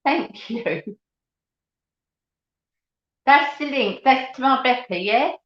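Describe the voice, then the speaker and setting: A woman's voice: high-pitched, moderate pace. Chatty middle-aged woman on a roomy live stream. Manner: chatty, laughing, greets viewers by name. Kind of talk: casual live chat with viewers. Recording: dull, roomy home recording.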